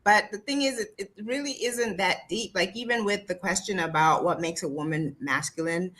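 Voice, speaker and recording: A woman guest on a casual panel discussion, speaking in a measured, explanatory way. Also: medium pitch, fairly bright tone.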